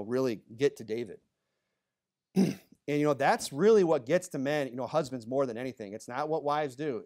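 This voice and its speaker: A pastor preaching a sermon in a church, talking conversationally with many asides, moving between emphatic bursts and low, quiet remarks. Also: male voice. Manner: conversational, full of "you know" asides.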